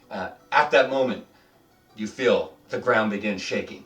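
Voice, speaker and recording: A man's voice: fairly low pitch, a little slow, fairly bright tone, distant mic. A man narrating a tabletop game as dungeon master, rambling with lots of fillers. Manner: rambling, filler-heavy, chuckling. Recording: roomy, off-mic, faint music behind.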